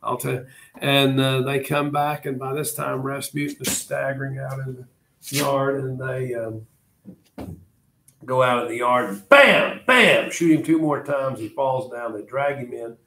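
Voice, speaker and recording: A male teacher telling a history story to a class in a classroom, animated and dramatic in delivery. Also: mid-range voice, measured pace, creaky, a little hiss or hum.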